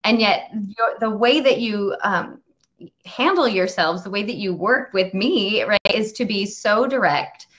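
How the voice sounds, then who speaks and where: A woman hosting a casual video interview, talking in a chatty, halting way with many fillers, restarts and frequent laughs. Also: mid-range voice, animated, a bit bright. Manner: laughs often while talking. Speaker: interview host.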